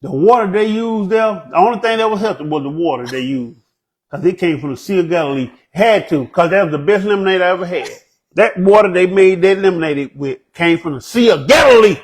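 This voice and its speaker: A comedian telling funny stories in an animated way, slipping into a put-on proper voice. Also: male voice, sits high, fairly quick, poor audio. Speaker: comedian guest. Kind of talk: comic storytelling.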